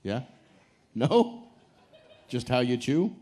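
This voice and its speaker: A man's voice: medium pitch, sing-song, takes it slowly, warm tone. A man hosting a live game show on a cruise ship stage, joking with couples and teasing them. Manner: joking, teasing, hypes the crowd.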